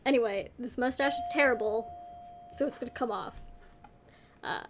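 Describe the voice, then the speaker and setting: High-voiced woman telling stories rambly. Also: normal speed, noisy background. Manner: rambling, self-deprecating, animated. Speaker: panel co-host. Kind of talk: casual storytelling panel.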